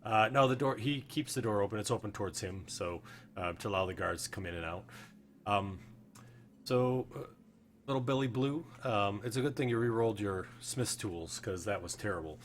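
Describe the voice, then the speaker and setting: A man narrating as game master of a tabletop game, relaxed and full of fillers. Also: lowish voice, slight background noise. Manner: relaxed, filler-heavy narration with quick guard voices.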